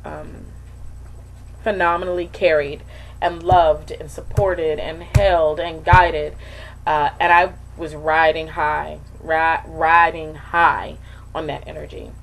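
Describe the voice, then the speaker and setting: Woman vlogger, low and gravelly, candid and emotional, loose and rambling. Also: slight background noise, low-quality recording. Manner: frank, emotional, rambling with many fillers. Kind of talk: candid personal video diary.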